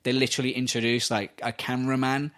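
A British man co-hosting a podcast in casual chat, swearing freely and telling animated stories with acted-out voices. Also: medium pitch, quick pace. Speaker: podcast co-host.

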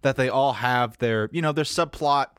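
A man's voice: mid-range voice, normal speed, fairly bright tone, clear, resonant tone, dry recording, clean studio sound. Earnest, gushing man on a film podcast. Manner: earnest and gushing, builds up with enthusiasm. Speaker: podcast co-host. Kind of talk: casual film chat.

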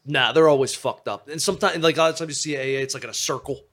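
A man's voice: a little high, racing, a bit bright. A man with a Philadelphia accent, hosting a casual podcast chat, talking in a rambling, jokey, profane way. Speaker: podcast host.

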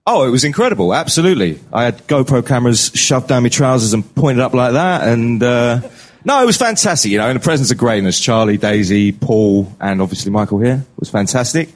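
A cheeky man with a London accent, chatting as a guest in an easygoing way. He jokes and swears freely. His pitch sits in a middle range. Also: lively intonation, fairly quick. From East London. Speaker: guest actor. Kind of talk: casual chat.

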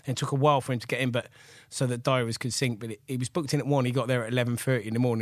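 A man in his forties from England, an animated chef rambling through stories as a podcast guest, with lots of fillers and laughs. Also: medium pitch, very fast, hardly any pauses, no echo, clean studio sound. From Gloucester, England. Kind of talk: casual storytelling chat.

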